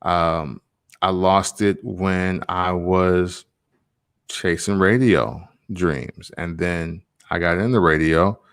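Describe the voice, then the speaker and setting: A low-pitched man in his thirties muses aloud in a relaxed, wandering monologue. He speaks loosely with plenty of slang fillers, like a podcaster thinking out loud. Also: slow pace, clean tone. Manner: rambling, loose, full of slang asides. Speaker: songwriter and podcaster. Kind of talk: reflective casual monologue.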